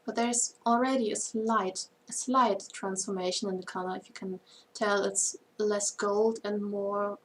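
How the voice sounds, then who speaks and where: Woman, German accent, chatty livestream host, laughs often, faint rumble behind. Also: fairly even intonation, unhurried, few pauses. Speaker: band member co-hosting a livestream. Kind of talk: casual livestream chat.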